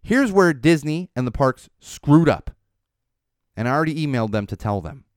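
A man in his thirties hosting a casual solo podcast, telling stories and ranting with animated ups and downs and muttered asides. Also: on the high side, normal speed, no echo, clean studio sound. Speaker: podcast host.

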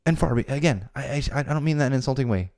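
A man's voice: mid-range voice, lively intonation, very fast, a little mellow. A man hosting his own podcast, chatting casually with jokey asides and rambling restarts. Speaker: podcast host. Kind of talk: casual solo podcast talk. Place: home studio.

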